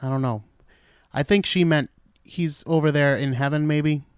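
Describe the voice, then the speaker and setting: A man's voice: fairly high pitch, normal speed, smooth, dry recording, studio quality. Blunt, sarcastic man hosting a podcast. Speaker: podcast host. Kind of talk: solo podcast commentary.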